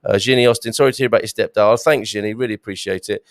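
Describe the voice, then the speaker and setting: A man's voice: fairly low pitch, fairly even intonation, very fast, no room sound. A man hosting a live stream, chatting through viewer comments with friendly banter and stumbling restarts.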